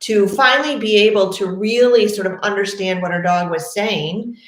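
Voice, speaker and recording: A woman's voice: mid-range voice, moderate pace. Dog trainer lady chatting, acts out her clients, kinda echoey room. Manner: animated, acts out both sides of conversations. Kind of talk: casual storytelling to camera.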